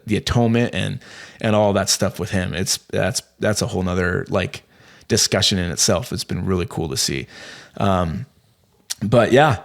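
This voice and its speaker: A man in his thirties tells a personal story on a podcast in a lowish voice. He rambles and restarts, piling up fillers as he goes, and gets animated in the telling. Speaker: podcast guest. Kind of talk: casual storytelling.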